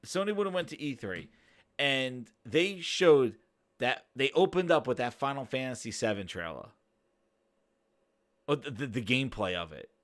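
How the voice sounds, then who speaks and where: A man's voice: medium pitch, expressive, normal speed, pauses often. A man hosting his own gaming channel, ranting casually in a rambling way, with frequent swearing and laughter. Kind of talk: casual reaction rant.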